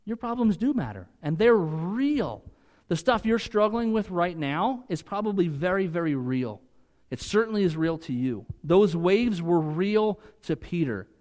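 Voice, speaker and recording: A man preaching a sermon in a conversational way, moving from loud, emphatic peaks to quiet asides. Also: high voice, sing-song, measured pace. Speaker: pastor.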